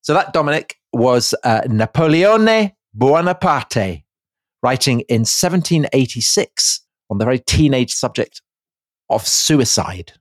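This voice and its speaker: A man co-hosting a history podcast in casual chat, with dry, deadpan humour. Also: medium pitch, unhurried, no room sound. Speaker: podcast co-host.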